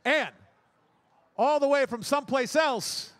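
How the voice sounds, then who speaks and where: A man's voice: extremely high pitch, a little slow, a bit bright, dry recording. A man acting as emcee and bandleader, making upbeat, joking announcements from a festival stage. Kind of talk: live event announcements.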